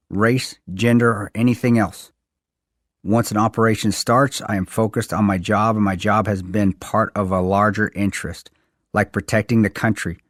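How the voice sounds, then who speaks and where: A man's voice: fairly low pitch, dry recording, clean studio sound. A man reading aloud from his own memoir in an earnest, plain-spoken way. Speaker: author reading his book. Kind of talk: audiobook-style reading.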